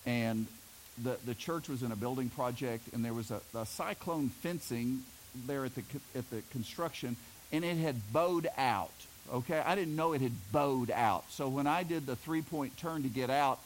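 A man's voice: medium pitch, moderate pace, a little hiss or hum, low-quality recording. A middle-aged man from Oklahoma preaching a sermon, telling homespun stories and joking with the congregation. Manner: folksy storytelling, jokes with the congregation. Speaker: pastor.

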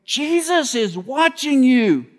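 A man's voice: very high-pitched, very animated, slow pace, big-room sound, voice pushed up, heavily acted. A man voicing a screechy talking pet parrot that keeps repeating its phrase.

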